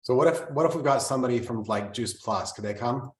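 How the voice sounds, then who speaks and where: A man's voice: medium pitch, fast talker. Easygoing man in an echoey room. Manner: easygoing, jokey. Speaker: business coach. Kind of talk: casual coaching call chat.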